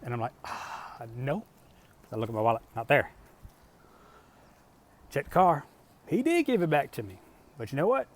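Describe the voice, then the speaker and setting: A man's voice: a little high, huge pitch swings, moderate pace, long pauses. A middle-aged man vlogging, telling stories in a blunt, profane, rambling way and asking rhetorical questions. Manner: conversational, asks rhetorical questions. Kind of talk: casual storytelling monologue.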